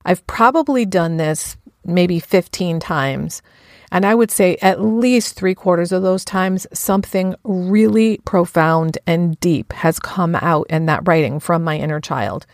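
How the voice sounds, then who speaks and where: A woman's voice: on the low side, a little slow, no room sound, studio quality. A woman giving a frank, earnest self-help talk about her own practices, with casual swearing.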